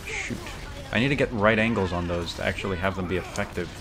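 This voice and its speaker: A man's voice: sits low, lively intonation, quick pace. A man streaming a video game, chatting casually with lots of fillers and restarts. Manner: rambling, many fillers and restarts, banter with chat. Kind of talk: casual chat while gaming.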